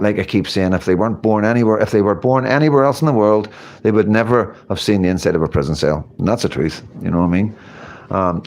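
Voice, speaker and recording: A man's voice: on the low side, a little mellow. A middle-aged man with a Northern Irish accent, hosting a casual livestream chat, rambling, swearing and asking "you know what I mean". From Northern Ireland. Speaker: livestream host.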